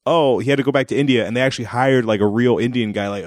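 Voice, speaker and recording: A man's voice: mid-range voice, fast, no room sound, clean studio sound. A man co-hosting a casual podcast movie review, laughing often and acting out lines. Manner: animated, laughs often, acts out quotes. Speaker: podcast co-host.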